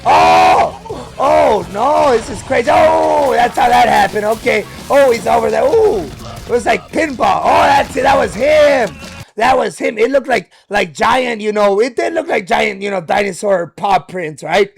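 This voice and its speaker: A man hosting a reaction video, narrating and exclaiming excitedly at what he watches. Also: very high-pitched, unhurried, gravelly, soft background music. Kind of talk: live reaction commentary.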